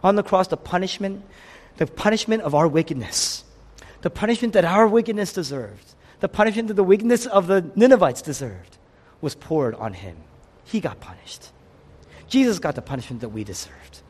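A man's voice: high-pitched, expressive, normal speed. Impassioned preacher man in an echoing hall. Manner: impassioned, swinging from loud outcries to hushed near-whispers. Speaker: pastor. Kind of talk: sermon.

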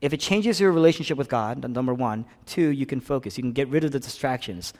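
A man preaching a sermon as a pastor, swinging between loud, emphatic passages and hushed, whispered ones. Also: mid-range voice, quick pace, in a large hall.

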